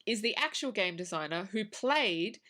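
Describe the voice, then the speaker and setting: A woman talks through a film on a podcast in a loose, chatty way, acting out her own reactions and swearing freely. Her pitch sits in the middle for a woman. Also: lively intonation, normal speed, sharp tone. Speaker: podcast co-host. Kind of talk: casual film review chat.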